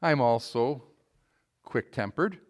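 A male preacher giving a sermon to a congregation in a church, emphatic, putting questions to the listeners and moving between loud and quiet passages. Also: medium pitch, expressive, slow pace.

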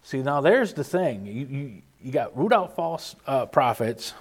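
A man preaching an informal sermon, earnest and emphatic, often restarting and pausing mid-thought. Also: medium pitch, sing-song, slightly rough. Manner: earnest, emphatic, with frequent restarts and halting pauses.

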